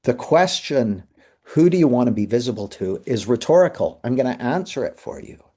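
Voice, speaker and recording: Hosting a live masterclass on a video call, this middle-aged man has a mid-range, mellow, slightly rough voice with lively intonation at normal speed. His webinar talk is conversational storytelling in which he performs the voices of people he quotes.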